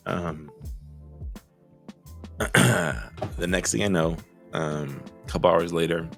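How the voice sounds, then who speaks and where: A man who runs a small business tells his own story to camera in an earnest, heartfelt way, pausing often with fillers and sometimes close to tears. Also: sits low, creaky, soft background music. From Southern California. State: emotional, close to tears at times.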